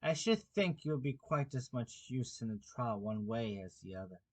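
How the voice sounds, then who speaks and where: A man's voice: mid-range voice, lively intonation, normal speed, darkish tone, close to an everyday voice. A man voicing a polite, earnest young girl, speaking in a slightly raised, earnest voice. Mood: musing.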